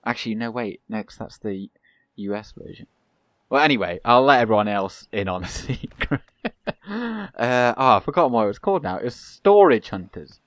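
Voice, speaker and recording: A man's voice: mid-range voice, lively intonation, normal speed, no echo, lo-fi sound. A young man giving rambling, chatty commentary while playing a strategy game, laughing now and then. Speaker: gaming channel host. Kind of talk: let's play commentary.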